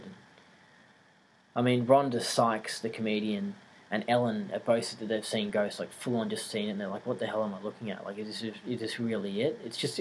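A man's voice: fairly low pitch, slight background noise, rough recording. Rambling man, full of fillers. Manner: rambling, hesitant, with many fillers; animated, incredulous storytelling. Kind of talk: casual monologue.

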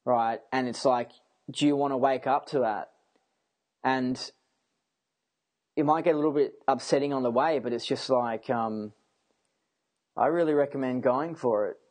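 A man's voice: mid-range voice, a little mellow. A young man in a casual rant to camera, rambling and emphatic, swearing freely and restarting his sentences as he goes. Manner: repeats himself and restarts sentences.

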